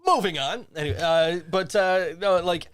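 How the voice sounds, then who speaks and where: Man, fairly high voice, dry close mic, casual chat, rambling, many restarts. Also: moderate pace, fairly bright tone, smooth, no room sound. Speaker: podcast co-host.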